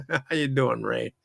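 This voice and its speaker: A man with a heavily gravelly, fry-laden voice talks at a slow, unhurried pace. His pitch sits a bit high for a man. He hosts a model train channel in a rambling, chatty way, and the sound is dry and close. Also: fairly bright tone, no echo. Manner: rambling, chatty, self-interrupting. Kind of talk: casual livestream chat.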